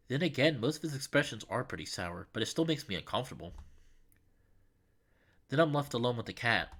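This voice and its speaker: A man reads a visual novel aloud in a lively, animated way. He stumbles over a tricky name and gets flustered. His pitch rises and falls widely. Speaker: game reader.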